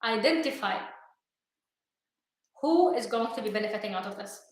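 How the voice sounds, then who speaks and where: A woman's voice: mid-range voice, lively intonation, moderate pace. A woman co-hosting a live motivational talk, speaking English with an Arabic accent and hammering her points home with repeated questions. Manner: emphatic, repeats questions for stress. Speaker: co-host, coach. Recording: very echoey room.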